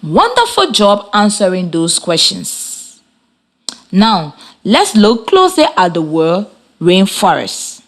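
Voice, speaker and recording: A woman radio teacher talks slowly and deliberately. Her pitch moves a lot as she encourages young listeners. She gives each instruction one step at a time. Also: huge pitch swings. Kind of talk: radio classroom lesson.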